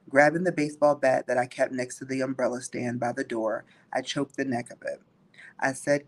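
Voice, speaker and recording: A man reads a novel excerpt aloud in an even, steady voice. His pitch sits in the middle range for a man. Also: normal speed.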